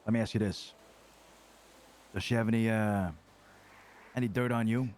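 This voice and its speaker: A man in character during an online roleplay, reacting briefly and asking a calm question. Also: fairly low pitch, moderate pace, a little hiss or hum. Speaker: roleplayer listening to a friend.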